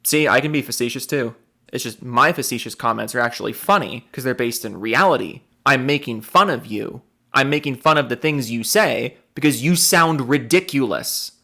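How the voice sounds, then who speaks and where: A man's voice: mid-range voice, normal speed, vocal fry, sharp tone. Sarcastic, swearing man ranting. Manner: sarcastic, profane, rambling. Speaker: video commentator reacting to a clip. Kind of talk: sarcastic reaction commentary.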